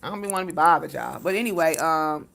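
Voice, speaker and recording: A woman working as a spiritual reader gives a casual livestream talk, bluntly and profanely preaching to her viewers through animated storytelling. Her voice is low and gravelly, and she talks at a quick pace.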